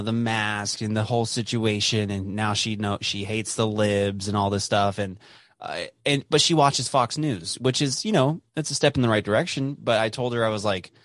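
A man's voice: fairly low pitch, a bit bright, no room sound. Rambling casual man on a dry mic. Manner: rambling, many fillers and restarts; swears casually. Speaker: podcast host. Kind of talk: casual conversation.

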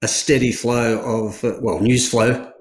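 A man hosts an interview, asking questions and slipping in frequent fillers. His voice sits at a middle pitch and carries a roomy echo. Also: steady tone, unhurried. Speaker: podcast host.

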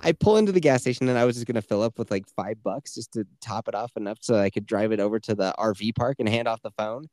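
Fast and barely pausing, this fairly low-voiced man co-hosts a podcast, spinning casual, profane stories and animatedly imitating the voices of their characters. There's no room sound, and the quality is studio-grade.

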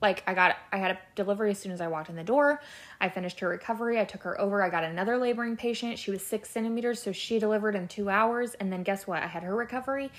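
On her own podcast, a young adult woman who works as a labor and delivery nurse rambles candidly and expressively about her week at a quick pace. Her voice is at an ordinary middle pitch, her speech is packed with "like" and "you know," and she swears casually now and then.

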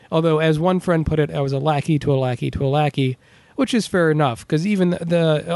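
A man's voice: a little high, creaky, no room sound. A man hosting a podcast in casual chat, earnest and rambling, with many fillers and self-interruptions. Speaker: podcast host.

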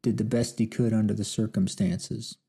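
A man voicing a kindly old friend who speaks warmly and tries to calm others. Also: lowish voice, moderate pace, vocal fry, slightly rough, heavily acted. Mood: placating. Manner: warm, placating.

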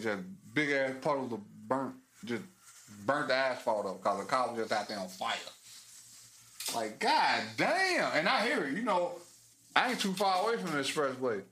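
A man in casual banter with friends, talking loudly and acting out what other people say. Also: on the high side, roomy sound, a little hiss or hum. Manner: loud, animated storyteller who mimics others. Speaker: friend in group chat.

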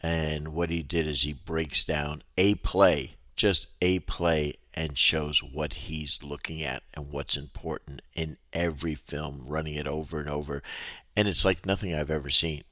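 A man's voice: very deep voice, steady tone, unhurried, fairly bright tone, no echo, clean studio sound. A man hosting a podcast interview, chatting casually and rambling with lots of "you know" fillers. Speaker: podcast host.

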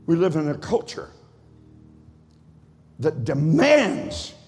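A man preaching in a high, ringing voice, drawing his lines out slowly before they rise into shouts. His words roll through a church hall with a long tail of reverb, while faint music plays underneath. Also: very animated. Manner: rhythmic preaching, swells to shouts. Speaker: pastor. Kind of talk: sermon. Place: church sanctuary.

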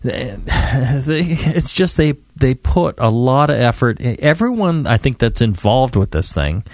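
A man co-hosting a podcast in casual chat, rambling and halting with lots of fillers and restarts. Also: medium pitch, sing-song, dry recording, clean studio sound. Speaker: podcast co-host.

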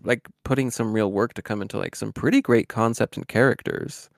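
A man co-hosting a casual podcast chat, animated and quick to laugh. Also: on the low side, gravelly, no room sound, clean studio sound. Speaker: podcast co-host.

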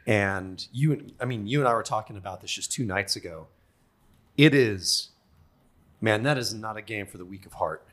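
A man co-hosting a podcast, talking in a relaxed, casual way. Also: lowish voice, moderate pace. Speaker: podcast co-host. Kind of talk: casual conversation.

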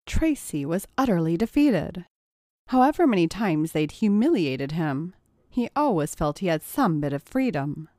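Woman reading a spicy audio story, steady and even, low voice. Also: no echo, studio quality. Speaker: narrator.

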